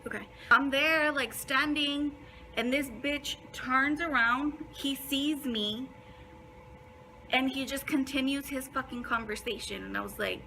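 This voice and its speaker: A woman's voice: sits high, measured pace, pushed and bright, a little hiss or hum, rough recording. A young woman telling a casual storytime in a blunt way, swearing a lot and filling her talk with "like". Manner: blunt, heavy swearing, many fillers. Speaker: vlogger.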